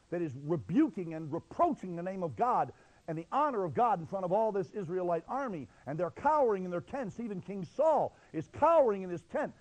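A man's voice: high voice, a little mellow, poor audio. A male preacher delivering an impassioned, emphatic sermon.

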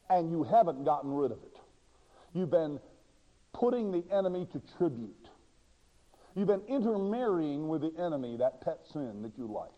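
A high-voiced man preaching with big swings between near-shouted lines and hushed ones. His delivery is dramatic and lively, acting out the voices he quotes. The recording is dull and lo-fi, with long reverb from a large hall. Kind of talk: sermon.

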